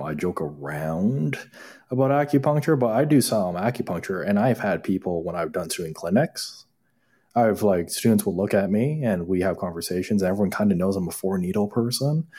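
A man who is an acupuncturist, talking as a podcast guest in a casual, animated storytelling way and acting out the dialogue he quotes. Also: low voice, normal speed, slightly rough.

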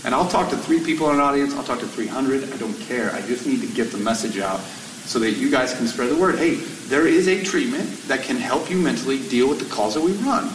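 Animated firefighter telling his story in a hall. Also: mid-range voice, brisk, distant mic, slight background noise. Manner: animated, rising to near-shouting when exasperated. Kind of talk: storytelling talk to an audience.

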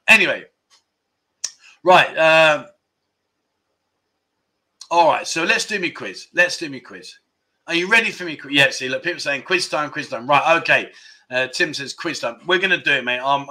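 Bright-voiced chatty host. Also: male voice, on the high side. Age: middle-aged. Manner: chatty, jokey storyteller, laughs often. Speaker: livestream host. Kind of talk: casual chat reading viewer comments.

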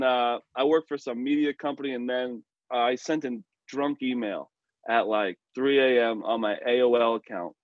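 A man's voice: medium pitch, no room sound, lo-fi sound. Rambling, laughing podcast man. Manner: rambling, profane, laughs often. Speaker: podcast guest and host. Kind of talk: casual podcast chat.

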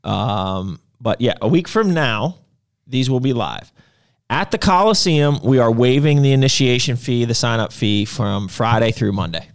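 A man's voice: mid-range voice, lively intonation, unhurried, clear, resonant tone. Chatty man running through sale deals. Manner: loose and chatty, stops and restarts, jumps between deals. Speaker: gym owner and supplement shop host. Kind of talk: casual promotional chat.

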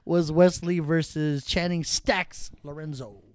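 A woman's voice: sits low, steady tone, measured pace, darkish tone, no echo. A woman co-hosting a podcast, casually chiming in on wrestling recaps and finishing her partner's lines with punchy impressions. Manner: swears casually. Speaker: podcast co-host.

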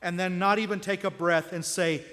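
A man's voice: high-pitched, fairly even intonation, normal speed, fairly bright tone, big-room sound. A man preaching a sermon in a conversational way, often asking his listeners rhetorical questions.

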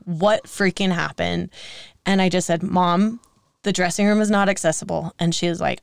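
A woman's voice: on the low side, fairly even intonation, gravelly, clean tone, no echo, clean studio sound. Earnest, emotional woman in her thirties. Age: 30s. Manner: emotional, earnest, quick to laugh. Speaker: podcast co-host. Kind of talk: candid personal storytelling.

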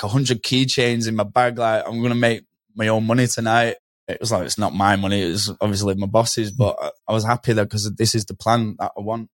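A man's voice: fairly low pitch, no room sound, clean studio sound. A man, a podcast guest telling a story in a casual, slangy way and acting out the voices of people he quotes.

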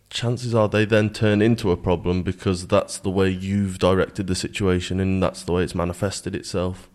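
A man's voice: low-pitched, steady tone, moderate pace, hardly any pauses, a little mellow. A man speaking earnestly as an interview guest in a studio, stumbling over repeated words as he starts sentences. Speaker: guest, security manager.

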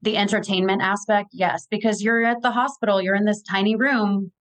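A woman's voice: mid-range voice, steady tone, fairly quick, poor audio. A woman, giving practical advice in a casual conversation. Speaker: podcast guest.

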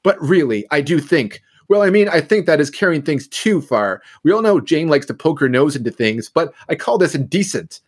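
A man's voice: a little high, sing-song, moderate pace, few pauses, husky. A righteous old spinster full of censure, as a man reading a novel puts her on. She speaks fiercely and disapprovingly, looking down on the goings-on in her village. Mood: indignant. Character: stern older spinster, censorious and righteous.

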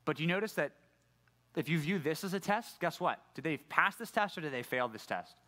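A middle-aged pastor giving a conversational sermon, often putting questions to the congregation. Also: male voice, on the high side, expressive, brisk, pushed and bright. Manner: conversational preaching, asks the audience questions.

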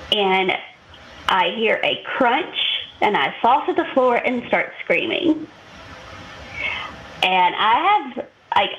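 A woman's voice: mid-range voice, dull audio, a little hiss or hum. A woman, telling a long personal story as a podcast co-host and acting out what others said. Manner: animated storytelling, acts out quotes. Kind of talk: casual chat.

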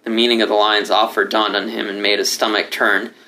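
Bright-voiced man reading a story. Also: on the low side, flat delivery, brisk. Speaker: story reader. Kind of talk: audiobook narration.

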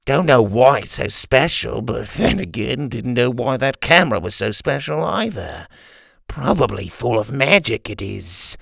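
A man's voice: medium pitch, big pitch swings, a little slow, creaky, fairly bright tone, no room sound, studio quality, heavily acted. A man voicing a chatty, loose-lipped old male pirate crewman who rambles in a children's audio story.

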